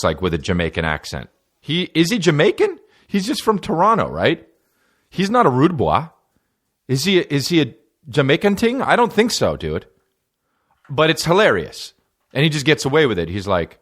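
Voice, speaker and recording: A man's voice: mid-range voice, sing-song, normal speed, fairly bright tone. A man from New Jersey, a comedian hosting his podcast, talking in a rambling, playful, profane monologue.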